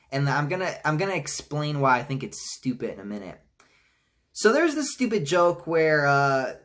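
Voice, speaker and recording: A man giving a casual trailer reaction, rambling with many restarts and some swearing, and mocking lines in high-pitched voices. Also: fairly bright tone. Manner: rambling, frequent restarts and profanity. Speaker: movie reviewer.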